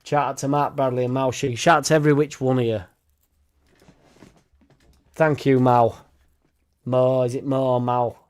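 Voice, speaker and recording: A man's voice: medium pitch, flat delivery, normal speed, long pauses, darkish tone, clear, resonant tone. Sweary man ranting. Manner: blunt, sweary, rambling. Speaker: football fan channel host. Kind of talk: casual live-stream chat.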